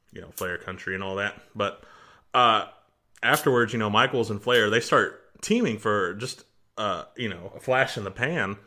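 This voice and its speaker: Animated, bright-voiced male podcaster. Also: fairly low pitch. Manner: animated, laughs often, puts on shouting voices for quotes. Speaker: podcast co-host. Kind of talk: casual wrestling review chat.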